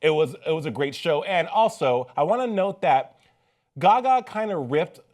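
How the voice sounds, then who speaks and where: A man's voice: fairly high pitch, animated, normal speed, darkish tone. Opinionated man co-hosting a pop talk show. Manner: emphatic, opinionated, restarts often. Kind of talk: casual chat.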